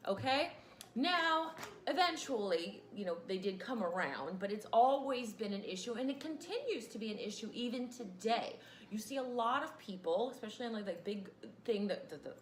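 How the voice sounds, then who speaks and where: A woman's voice: fairly high pitch, a little hiss or hum. Chatty woman teacher, echoey room. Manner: chatty, rambling with fillers and asides. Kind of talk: casual classroom lecture.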